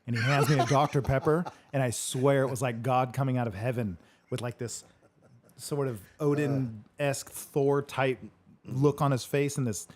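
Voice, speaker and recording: A man's voice: mid-range voice, steady tone, moderate pace, a little hiss or hum. A man telling a loose story as host of a casual chat. He rambles, laughs often and swears without a second thought. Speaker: host answering live questions.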